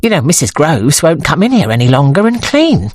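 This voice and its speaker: A woman with an English accent voicing a brisk, matter-of-fact woman dressmaker in an audiobook, talking in a dry, businesslike manner. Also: low-pitched, sing-song, darkish tone, dry recording. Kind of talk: audiobook character voice.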